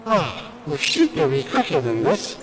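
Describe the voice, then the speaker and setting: A man's voice: fairly high pitch, big pitch swings, a little slow, big-room sound, low-quality recording. A man doing C-3PO, a fussy prim droid. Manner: fussy, prissy, complaining. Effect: robot voice filter.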